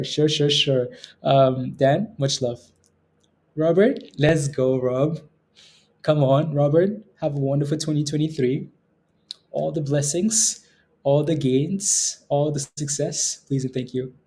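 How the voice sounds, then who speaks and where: Man, livestream host, mellow dark tone, easygoing chatter, repeats himself, reads viewer comments. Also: fairly high pitch, measured pace. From Canada. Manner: relaxed, laughs often, repeats phrases. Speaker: day trading livestream host. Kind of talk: casual livestream chat reading viewer comments.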